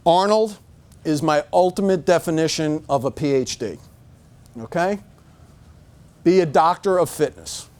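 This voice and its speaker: A man's voice: fairly high pitch, unhurried, long pauses, darkish tone. A middle-aged man giving a motivational talk to staff, emphatic and punching his points with repeated "okay?". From United States. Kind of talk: motivational speech. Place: room with a staff audience.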